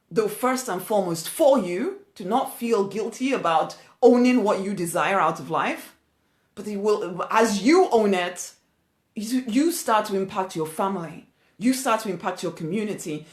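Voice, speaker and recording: A woman delivering a spiritual pep talk in an emphatic, repetitive manner, laughing here and there between her points. Her voice sits at an ordinary middle pitch. The recording carries a noticeable roomy echo. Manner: emphatic, repeats key phrases, laughs often. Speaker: motivational speaker.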